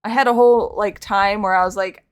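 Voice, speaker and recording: A woman's voice: mid-range voice, steady tone, fairly quick, smooth. A young woman with a slight lisp chatting casually with her stream audience while painting, rambling and self-deprecating.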